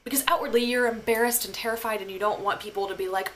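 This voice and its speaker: A woman's voice: medium pitch, steady tone, fast talker, pushed and bright, slight background noise. A young woman hosting a podcast, telling a personal story in a casual, emotional way, with lots of filler words and swearing. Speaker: podcast host.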